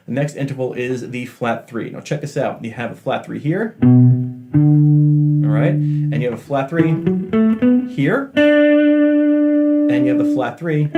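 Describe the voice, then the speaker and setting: Chatty man teaching guitar. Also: mid-range voice. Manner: chatty, jokey, self-deprecating asides. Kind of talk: casual video lesson. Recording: faint guitar playing behind.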